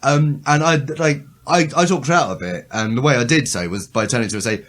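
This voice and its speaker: A man's voice: mid-range voice, brisk, few pauses, fairly bright tone. A man, co-hosting a podcast, telling crude, cheeky stories with a rambling manner. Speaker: podcast co-host. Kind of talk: casual chat.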